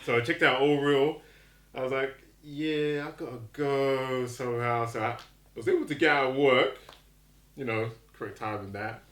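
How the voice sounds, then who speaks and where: A man's voice: medium pitch, moderate pace, fairly bright tone. A man co-hosting a podcast, telling a story in laid-back casual chat. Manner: laid-back, quotes others in his story. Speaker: podcast co-host. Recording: echoey room.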